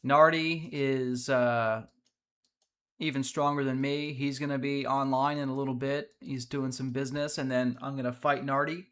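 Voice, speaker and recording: At a normal speed and with a level, fairly bright medium-pitched voice, a male livestream host chats about team builds in a mobile strategy game. He reads viewer messages aloud, sprinkling in easy fillers as he gives casual gameplay commentary.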